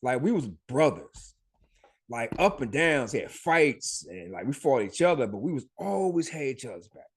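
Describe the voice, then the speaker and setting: A man's voice: mid-range voice, very animated, normal speed, husky. A middle-aged man hosting a podcast, telling his life story in a loose, profane way, with frequent laughs and many fillers. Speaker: podcast host. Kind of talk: casual storytelling.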